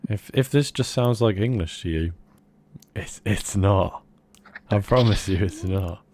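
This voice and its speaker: A young man co-hosting a casual comedy podcast, rambling in a mock-earnest, deadpan way. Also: fairly low pitch, a little slow. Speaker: podcast co-host.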